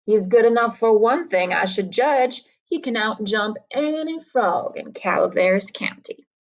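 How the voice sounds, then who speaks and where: A woman's voice: a little high, expressive, measured pace. A woman voicing a sly male frontier gambler who talks in an offhand, folksy drawl.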